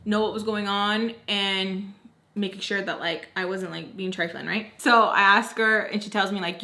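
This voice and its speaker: Bright-voiced young woman telling a story. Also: mid-range voice, moderate pace. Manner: animated, acts out quoted dialogue; casual slang and swearing. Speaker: vlogger. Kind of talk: storytime narration.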